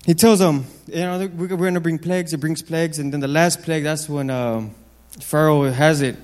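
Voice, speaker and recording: High-voiced preacher in a reverberant hall. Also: male voice, fairly even intonation, normal speed. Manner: emphatic, repetitive, swings from loud to low. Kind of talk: sermon.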